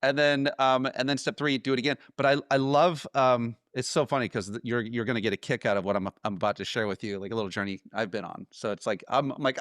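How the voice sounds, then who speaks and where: A man's voice: mid-range voice, steady tone, fast talker, few pauses, a bit bright, dry recording, clean studio sound. A man hosting an interview, enthusiastic and chatty, often restarting his sentences. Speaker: host. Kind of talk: casual interview chat.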